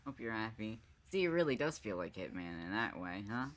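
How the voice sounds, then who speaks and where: A man's voice: lowish voice, very animated, brisk. A man streaming a video game live, thinking aloud and swearing often as he works through the level. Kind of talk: live gameplay commentary.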